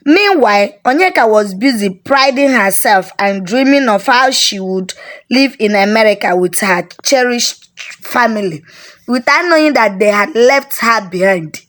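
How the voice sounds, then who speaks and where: A woman with a Nigerian accent narrating a folk tale in a steady storybook manner. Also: a little high, measured pace.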